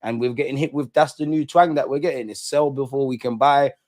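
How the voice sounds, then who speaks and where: A man's voice: mid-range voice, steady tone, a little fast, darkish tone, dry recording, studio quality. A young man hosting a live football reaction stream, bantering, mocking rival fans and reading chat aloud. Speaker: football fan channel host.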